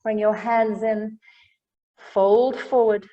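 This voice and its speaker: Slow-paced woman guiding yoga, reverberant. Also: medium pitch, lo-fi sound. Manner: calm instructional cueing with light humor. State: a little out of breath. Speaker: yoga instructor. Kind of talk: guided yoga class cues.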